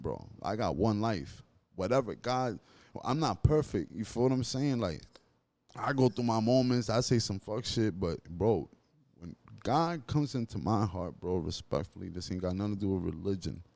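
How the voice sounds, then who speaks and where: A man's voice: lowish voice, animated, moderate pace, creaky, darkish tone, no room sound. A man, a podcast guest telling his life story earnestly, in street slang and with many restarts. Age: 30s. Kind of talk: emotional storytelling.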